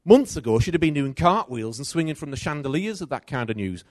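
A middle-aged man preaches briskly, telling a personal story and moving between loud and soft delivery. His voice rises and falls with energy. The recording is close and dry, with no room sound.

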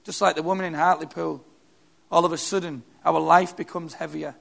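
A man's voice: a little high, steady tone, brisk, creaky, a bit bright. A male preacher giving a sermon, emphatic and repetitive.

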